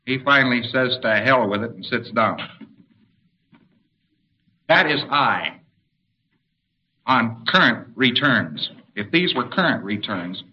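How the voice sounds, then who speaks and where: A man's voice: medium pitch, highs cut off, a little hiss or hum. A man giving an explanatory spoken lecture and pointing to a diagram. He now and then acts out short spoken commands.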